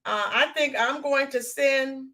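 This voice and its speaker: This is an American woman hosting a live stream, speaking in a slightly high voice. She chats casually and greets her viewers one by one with plenty of ums and uhs. Her voice is a little hoarse, worn from shouting the day before. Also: a little slow. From United States. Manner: greets viewers by name, chatty with filler ums. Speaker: livestream host.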